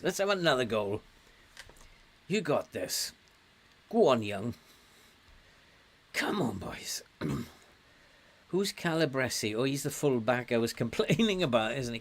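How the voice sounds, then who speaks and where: An older man from England talks through a football management game at an unhurried, easygoing pace. He chats casually, laughs often, and gets loud cheering his players on. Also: mid-range voice, very animated. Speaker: game streamer. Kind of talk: casual gameplay commentary.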